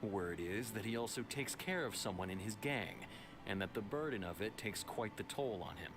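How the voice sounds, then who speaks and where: A man's voice: fairly low pitch, expressive, moderate pace, noisy background, lightly acted. An actor playing a stern male city guard officer in a video game, giving a formal, briefing-like account.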